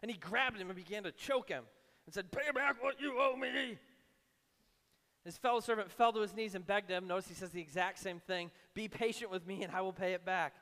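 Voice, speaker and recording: A man preaching a sermon in a conversational way, acting out imagined voices and dropping low and soft for emphasis. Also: long reverb tail. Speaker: pastor.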